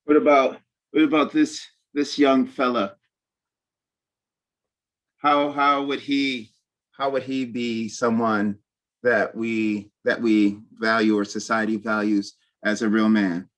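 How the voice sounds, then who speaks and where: A man leading a youth workshop discussion over a video call, slow and hesitant, often repeating his words as he searches for them. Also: mid-range voice, little pitch movement. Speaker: workshop presenter.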